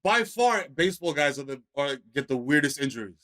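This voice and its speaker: Animated man from the Bronx, lively pitch. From the Bronx, New York. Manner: animated, quick jokey interjections. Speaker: co-host. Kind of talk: casual talk-show banter.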